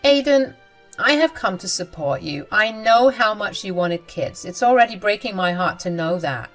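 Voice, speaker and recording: A woman's voice: medium pitch, expressive, moderate pace, faint music behind, lightly acted, low-quality recording. A woman voicing a cruel, smug young sister-in-law who talks down to everyone in a self-righteous way.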